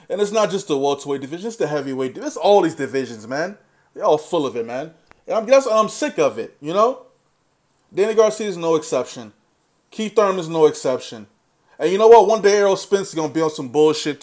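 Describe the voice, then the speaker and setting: A man's voice: on the high side, darkish tone. A man ranting about boxing fighters in casual speech, blunt and heated, swearing freely and talking straight at the fighters he criticizes. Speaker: boxing commentary vlogger. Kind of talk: opinionated casual rant.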